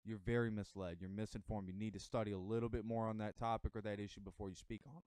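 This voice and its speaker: A man's voice: lowish voice, flat delivery, quick pace, darkish tone, no room sound. An American man giving a casual motivational monologue to camera, emphatic and a bit rambling. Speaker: vlogger giving motivational talk.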